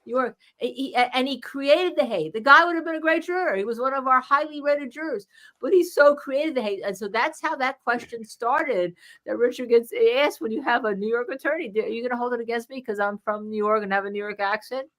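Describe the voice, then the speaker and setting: A woman's voice: on the high side, brisk, fairly bright tone. A woman with a New Jersey accent hosting a live legal panel over a video call, telling stories animatedly and laughing often. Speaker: legal show host.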